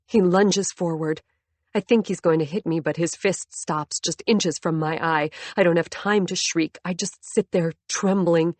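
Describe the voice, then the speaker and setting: A woman with a somewhat low voice narrates a first-person audiobook, tense and intimate in her telling. The sound is dry and close, with no room around it. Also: fairly even intonation, measured pace, darkish tone, dry recording.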